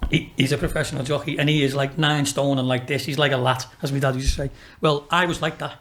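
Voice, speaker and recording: A man's voice: medium pitch, fairly even intonation, fast, fairly bright tone. A man in his fifties from Liverpool with a Liverpool accent, a guest telling rambling, sweary stories with frequent laughs. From Liverpool, England. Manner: rambling, swearing storyteller who laughs often. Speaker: guest, racehorse owner. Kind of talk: casual chat.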